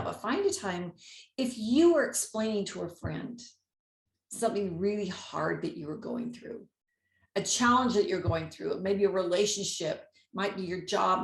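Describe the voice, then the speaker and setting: Animated woman telling a story in a roomy space. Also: mid-range voice, moderate pace. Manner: animated storyteller, acts out dialogue, laughs often. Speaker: podcast host. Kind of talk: storytelling monologue. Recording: roomy echo.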